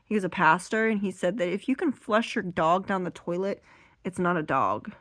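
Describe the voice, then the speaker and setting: A woman doing seated stand-up comedy, rambling and animated as she acts out her stories. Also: lowish voice, moderate pace, dry recording.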